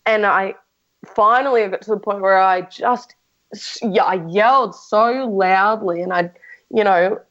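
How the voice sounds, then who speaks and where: A woman talks as a podcast guest, frank and open as she tells her own story. She often restarts her sentences and uses fillers. Her voice sits at an ordinary middle pitch. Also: measured pace, a bit bright, rough recording. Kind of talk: casual conversation.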